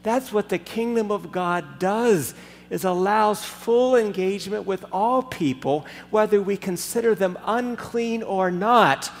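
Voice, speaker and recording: Man preaching in an echoing hall. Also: high voice. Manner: emphatic, slow deliberate delivery with storytelling. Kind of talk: sermon. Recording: long hall reverb, faint background noise.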